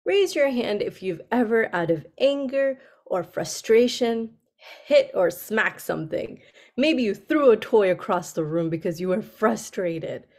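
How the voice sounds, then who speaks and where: A woman telling a story to children on a video call, speaking gently and asking them questions. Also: mid-range voice, expressive, unhurried. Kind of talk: interactive story session for kids.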